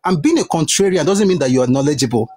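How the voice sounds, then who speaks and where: A man's voice: a little high, lively intonation, fast, mellow, husky. A young man with a Nigerian Yoruba accent, passionately scolding an opponent in a heated live debate. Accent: Nigerian English, Yoruba. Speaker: debate participant.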